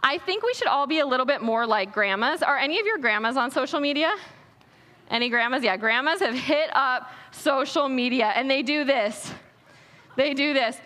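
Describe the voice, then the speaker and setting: A young woman speaking at a conference, giving an energetic, playful and earnest inspirational Christian talk on a stage microphone in an echoey hall. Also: high voice, moderate pace. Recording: echoey hall with long reverb.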